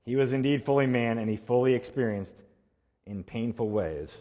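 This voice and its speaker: Guy preaching a sermon, mid-pitch voice, punches words then drops quiet, long echo like a big church. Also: moderate pace. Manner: dynamic preaching, rising emphases and dropping to quiet ends. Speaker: pastor. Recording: long reverb of a large hall.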